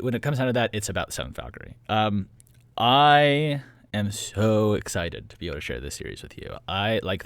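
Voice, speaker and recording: A man's voice: fairly low pitch, fairly bright tone, no room sound. A man hosting his own podcast in casual solo chat, rambling and giggling through tangents, recorded in a small closet. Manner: rambling, giggly, prone to tangents and silly voices. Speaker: podcast host and series creator.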